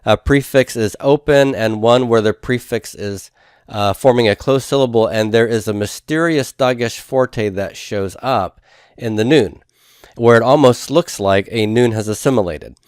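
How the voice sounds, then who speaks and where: A man's voice: medium pitch, moderate pace, clean tone, dry recording, studio quality. A man teaching a recorded lesson, explaining step by step in a patient, methodical way with frequent fillers. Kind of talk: recorded classroom lecture.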